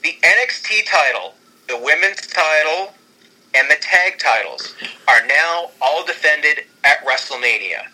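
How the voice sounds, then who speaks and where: A man in casual chat, excitedly rambling through an imagined storyline with many restarts. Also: a little high, unhurried, low-quality recording. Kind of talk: casual fantasy-booking chat.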